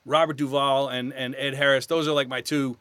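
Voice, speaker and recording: Man, bright forceful voice, dry close sound, chatty storyteller, podcast guest. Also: medium pitch, little pitch movement, brisk, clean tone, no echo. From New York. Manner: chatty storyteller, self-deprecating. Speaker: guest actor. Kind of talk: casual podcast interview.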